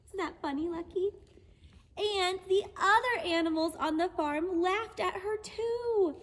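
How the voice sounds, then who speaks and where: A woman gently and patiently teaching children a lesson on horses and reading them a storybook aloud. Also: very high-pitched, measured pace, long reverb tail. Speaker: children's horse program instructor.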